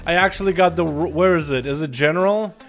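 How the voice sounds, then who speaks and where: A man's voice: a little high, quick pace, a bit bright. A young man with a slightly raised voice runs a casual gaming livestream, hyped up and swearing freely as he greets his chat. Faint music plays behind him. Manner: hyped-up, profane, rowdy greetings. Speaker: livestream host.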